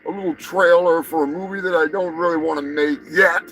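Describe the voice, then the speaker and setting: A man hosting a live show, ranting crudely and swearing constantly, with bursts of shouting. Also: a little high, fairly even intonation, brisk. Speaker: show host. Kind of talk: profane live-stream rant.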